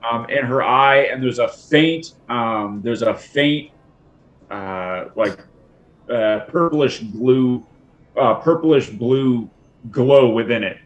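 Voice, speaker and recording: A man narrating a tabletop game as game master, halting with frequent restarts and chuckles. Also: mid-range voice, highs cut off.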